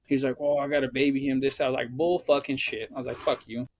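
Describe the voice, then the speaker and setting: This clip has a little hiss or hum behind a young male podcast co-host whose mid-range voice moves very fast. He's an animated, profane storyteller, performing other people's quotes during casual conversation.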